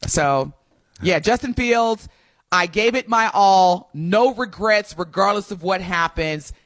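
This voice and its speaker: A woman co-hosting a radio morning show in casual chat, animated and playfully teasing, laughing often. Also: medium pitch, takes it slowly, no echo. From Wisconsin.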